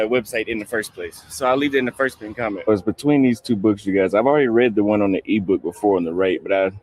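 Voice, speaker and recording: Travel vlogger, man, low voice, relaxed and matter-of-fact. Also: a little hiss or hum. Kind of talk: casual vlog narration.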